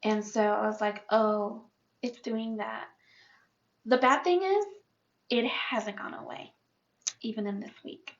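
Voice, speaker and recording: A woman's voice: on the high side, expressive, unhurried, muffled recording. A woman in her fifties, talking candidly in a chatty personal vlog update. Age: 50s. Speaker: vlogger.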